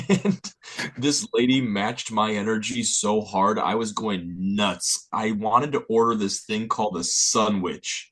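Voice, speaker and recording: A man with a somewhat low voice chats casually as an interview guest. He tells his stories with animated energy and laughs often along the way. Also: slightly rough. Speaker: band member guest. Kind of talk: casual chat.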